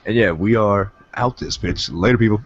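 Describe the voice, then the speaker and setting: A man's voice: fairly low pitch, moderate pace. A man hosting a casual talk show, signing off in a laid-back, profane way. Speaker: host. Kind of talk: casual chat, show sign-off. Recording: dull lo-fi sound with faint noise.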